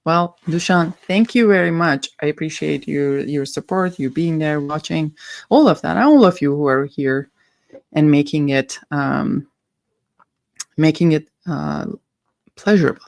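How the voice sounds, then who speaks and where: A woman with a low, dark-toned voice and vocal fry hosts a casual perfume-review livestream, speaking unhurriedly in a dry recording with no echo. She is playful and a bit silly, giggling as she chats with viewers and muses about scents.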